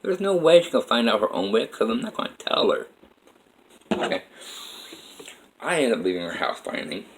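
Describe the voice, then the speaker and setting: A man's voice: medium pitch, big pitch swings, fairly quick, pauses often, a little hiss or hum, low-quality recording. A man telling a personal story in a rambling, emphatic way with many fillers.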